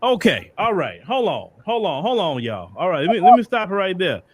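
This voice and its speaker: A man's voice: high-pitched, wildly swooping pitch, moderate pace, a little hiss or hum. A man hosting a commentary show, speaking straight to his audience in a preachy tone and repeating himself. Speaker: podcast host. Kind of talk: animated commentary.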